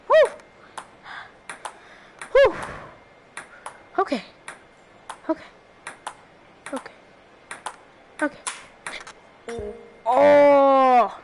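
A woman giving casual gameplay commentary, excitable and trash-talking with frequent exclamations. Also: sits high, slow pace, pauses often, a little hiss or hum. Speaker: gamer.

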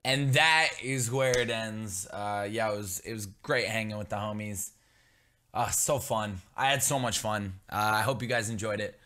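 A young man talking casually as the host of his vlog, loud, upbeat and joking. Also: on the low side, normal speed. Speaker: vlogger.

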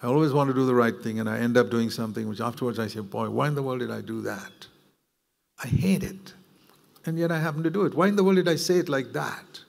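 A man's voice: medium pitch, fast, creaky. A man preaching a sermon, earnest and reflective, with bursts of emphatic, rising delivery. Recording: long hall reverb.

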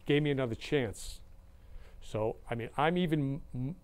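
A man's voice: medium pitch, moderate pace, clear, resonant tone. A man hosting his own show, talking in an effusive, emotional way and repeating words of love. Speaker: show host. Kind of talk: casual livestream talk.

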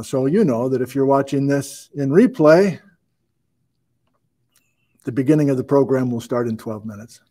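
A man's voice: a little high, darkish tone. A man hosting a casual livestream, upbeat as he greets viewers and reads out where they are watching from. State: out of breath. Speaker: host.

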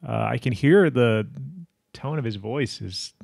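A man's voice: mid-range voice, measured pace, vocal fry, darkish tone, no echo, studio quality. A man co-hosting a podcast in casual chat, curious and full of questions. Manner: curious, asks lots of questions. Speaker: podcast co-host.

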